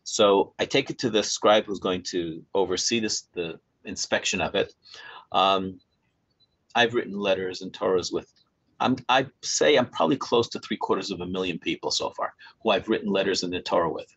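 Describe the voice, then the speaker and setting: A man in his sixties, a Torah scribe, telling a story to a small group in an animated way, acting out dialogue and often chuckling as he talks. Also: low voice, moderate pace, breathy edge. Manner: chuckles often while talking. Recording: dull lo-fi recording.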